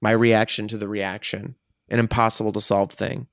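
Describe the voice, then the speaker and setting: A man's voice: on the low side, little pitch movement, normal speed, gravelly, dry recording, studio quality. A man speaking in a frank, profane and emotionally intense way, reflecting on himself in a personal monologue. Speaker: vlogger.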